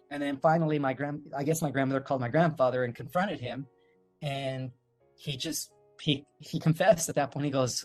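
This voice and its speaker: A man's voice: medium pitch, a little fast, a little mellow, faint music behind. A man, a guest on an interview, telling a long family story in a loose, rambling way with many fillers and restarts. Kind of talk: casual storytelling.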